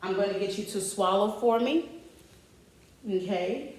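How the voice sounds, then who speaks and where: A woman, a nursing student, calmly demonstrating a physical assessment, stating findings aloud and giving the patient simple instructions. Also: medium pitch, measured pace. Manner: methodical, calm, narrating findings aloud while instructing the patient. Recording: very echoey room, picked up from a distant mic.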